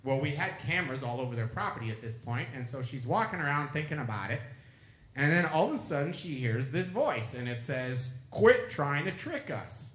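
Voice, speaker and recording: In a lecture room with an audience, a man speaks as an author giving a public talk, telling anecdotes chattily and acting out the dialogue he quotes. His mid-range voice is fairly quick and fairly bright, with lively intonation, and the room adds a roomy echo.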